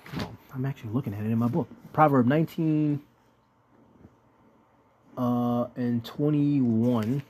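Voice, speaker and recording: A man's voice: mid-range voice, unhurried, pauses often, warm tone, a little hiss or hum. Blunt, profane male Bible teacher. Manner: blunt, swearing, rhetorical questions, reads verses aloud. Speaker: preacher teaching scripture.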